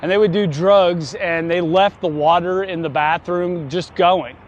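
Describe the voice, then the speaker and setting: A man vlogs casually while riding a folding bike on city streets, telling a story in a chatty, wry way with frequent chuckles. His voice sits high with fairly even intonation and a slightly slow pace, on lo-fi audio with a little hiss or hum.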